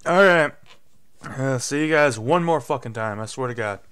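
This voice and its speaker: A young man doing live gameplay commentary, swearing and getting frustrated, with sudden yelling bursts. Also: medium pitch, moderate pace, clean tone. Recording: faint music behind.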